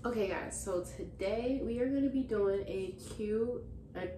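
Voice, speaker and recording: A woman's voice: mid-range voice, a little slow, loud music behind the voice. Chatty young woman in a roomy space. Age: young adult. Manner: chatty, slangy, relaxed. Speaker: vlogger. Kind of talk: casual Q&A chat. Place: room with stuffed animals behind her. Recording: roomy echo.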